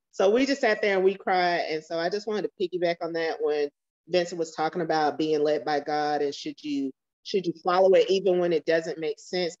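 A woman sharing a personal testimony on a video call, telling it as a story with fillers and voices for the people in it. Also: on the low side. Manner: storytelling, acts out quoted voices, many fillers. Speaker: church member sharing a testimony. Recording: dull lo-fi call audio.

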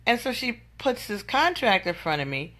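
A woman's voice: a little high, sing-song, moderate pace, fairly bright tone. A woman venting in an exasperated, incredulous storytelling monologue. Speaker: vlogger.

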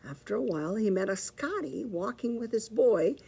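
A woman librarian reading a picture book aloud to children, with expressive, animated storytelling. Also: medium pitch, normal speed, gravelly, breathy edge.

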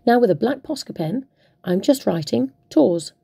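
A playful woman talks through a craft project, half to herself. Her voice is mellow and a little husky. The sound is close and dry. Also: on the high side, animated, moderate pace, no room sound. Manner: chatty, playful, talks to herself while working. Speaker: craft tutorial host. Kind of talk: casual crafting demonstration.

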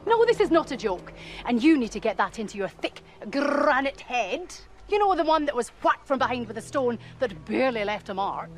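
An actress playing a sharp-tongued female amateur detective with a taunting, probing, theatrical manner. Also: a little high, sing-song, moderate pace, soft background music.

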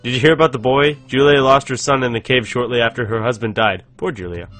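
A man's voice: mid-range voice, fairly even intonation, quick pace, a bit bright, faint music behind. A young man hosting a casual let's-play, rambling, giggling and reading game text aloud. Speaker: gaming channel host.

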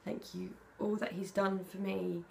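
A woman's voice: medium pitch, little pitch movement, a little slow, gravelly, a little hiss or hum. A young British woman chatting casually in a vlog, reading out personal questions and answering them candidly. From Britain. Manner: chatty, candid, soft-spoken when emotional. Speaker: vlogger. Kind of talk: casual tag video, reading questions aloud.

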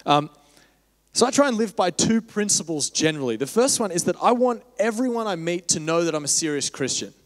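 A young man with a slightly high voice speaks to a church gathering in a loose, candid, rambling way, full of fillers. His voice rings with the long reverb of a church hall. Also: big pitch swings, brisk. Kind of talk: casual church talk with personal story.

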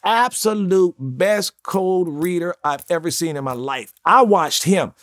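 A middle-aged man from North Carolina, telling stories in an interview and acting out the quotes with big swings in pitch and loudness. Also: animated, measured pace, dry recording, clean studio sound. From North Carolina, USA. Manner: acts out quotes with big jumps in pitch and volume. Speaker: actor, interview guest. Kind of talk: animated storytelling. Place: studio.

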